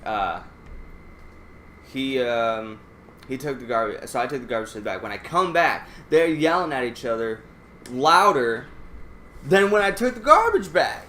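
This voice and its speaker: A man's voice: mid-range voice, big pitch swings, normal speed, long pauses, sharp tone, a little hiss or hum. A man casually telling a rambling, profane story while playing a game. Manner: profane, rambling anecdote with restarts. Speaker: let's play gamer. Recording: echoey room.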